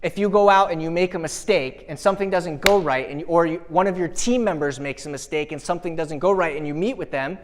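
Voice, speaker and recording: Punchy, fast-firing male keynote speaker. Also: on the high side. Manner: punchy, energetic, asks the crowd rhetorical questions. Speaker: motivational speaker. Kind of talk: live keynote speech. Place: live event venue.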